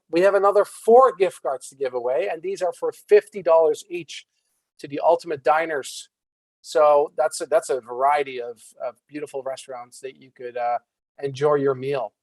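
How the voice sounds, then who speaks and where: Event host, male, friendly and relaxed, fairly high voice, dry close sound. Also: no room sound, rough recording. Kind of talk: hosting an online event.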